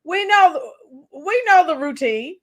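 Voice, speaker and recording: A woman with a hoarse, cracking voice giving chatty, opinionated political commentary on a live stream and reading viewer comments. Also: extremely high pitch, expressive, fairly bright tone. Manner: opinionated, chatty, sings song snippets slowly. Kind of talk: casual political commentary livestream.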